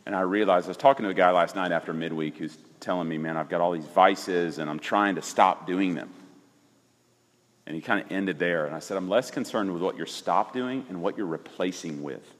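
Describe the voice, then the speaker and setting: A pastor in his forties tells a personal story in casual conversation, animated and emphatic, often restarting his sentences. His voice sits low and moves fairly quickly, with the sound of a big room around him.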